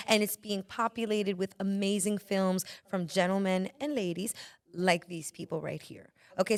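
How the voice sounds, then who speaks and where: A woman hosting a podcast in a lively, playful and chatty way. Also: mid-range voice. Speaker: podcast host.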